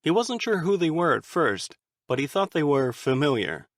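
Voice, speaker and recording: A man reading a fan-made audiobook in a steady, even storytelling manner. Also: on the high side, moderate pace, no room sound, clean studio sound. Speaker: audiobook narrator.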